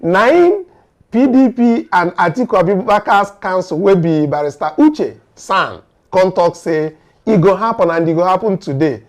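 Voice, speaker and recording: Nigerian guy high voice hyped up going over what happened, acts out bits, lots of uh and um. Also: normal speed. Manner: animated, dramatizes courtroom exchanges, hesitant fillers. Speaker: political commentator. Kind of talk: excited news recap.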